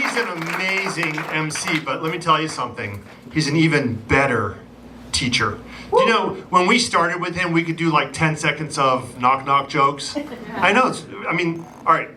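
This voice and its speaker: A man's voice: a little high, animated, moderate pace. A man doing a stand-up set with a chatty, self-deprecating manner, stopping often on ums and you-knows. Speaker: stand-up comedian. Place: theatre stage before a live audience. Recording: distant mic, loud crowd and noise.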